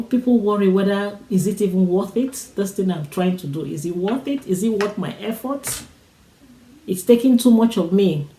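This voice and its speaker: A woman's voice: mid-range voice, mellow, roomy sound, rough recording. A woman giving a motivational talk, urging listeners on with repeated, preacher-like phrases. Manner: repetitive, urging, preacher-like cadence. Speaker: motivational speaker.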